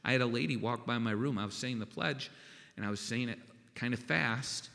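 A man's voice: mid-range voice, a little fast, gravelly, sharp tone. A man preaching a sermon in a folksy, conversational way, often checking in with "okay?". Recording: long reverb of a large hall.

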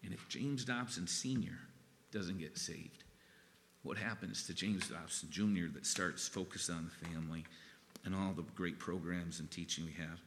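A man preaching a sermon in an earnest, halting way, with pauses and restarts. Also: sits low, long reverb tail, slight background noise. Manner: earnest, halting, gets emotional and softens. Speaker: pastor.

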